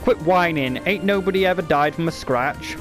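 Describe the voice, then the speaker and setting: A man voicing a fierce, blunt old grandmother who talks roughly, in an amateur storybook reading. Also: a little high, normal speed, a bit bright, soft background music, voice pushed up, natural voice. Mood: gruff. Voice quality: rough, rage-thick delivery.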